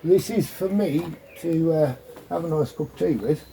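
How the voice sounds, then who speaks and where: A man's voice: a little high, moderate pace, dark tone, slight background noise. A middle-aged man chatting casually as he demonstrates his gear, rambling with joking asides. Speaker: off-grid living vlogger.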